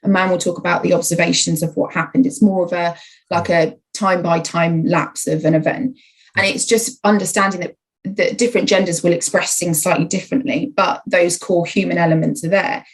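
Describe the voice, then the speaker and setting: A woman speaking as a podcast guest, explaining her writing work in a measured conversational way. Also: lowish voice, fairly even intonation, low-quality recording. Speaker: podcast guest, content writer. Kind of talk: conversational interview.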